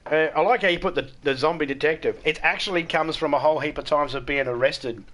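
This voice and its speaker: A man's voice: on the high side, fast talker, a bit bright. An Australian man chatting casually with his chat viewers during a live gaming stream, blunt and frank, swearing freely and laughing at his own jokes.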